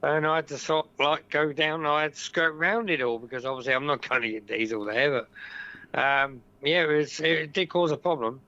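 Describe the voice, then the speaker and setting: A man chatting casually as a guest, telling a relaxed story with fillers. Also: on the high side, a little fast, dull audio. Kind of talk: casual chat.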